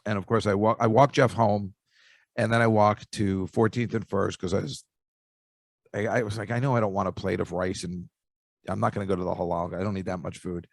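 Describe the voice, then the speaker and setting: A man's voice: fairly low pitch, fairly even intonation, fairly quick, gravelly, no echo, studio quality. An older man telling a long, rambling, self-deprecating comic story as a podcast host, full of restarts.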